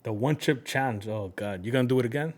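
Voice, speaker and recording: Man, New York accent, streamer, casual, profane, talks to chat, mid pitch. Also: fast, darkish tone. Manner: profane, talks straight to his chat and drops in Spanish.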